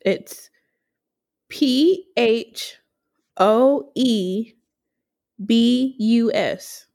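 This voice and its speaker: A woman's voice: fairly high pitch, drawn-out words, darkish tone. A woman co-hosting a podcast in casual chat, teasing the others, laughing often and swearing now and then. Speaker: podcast co-host.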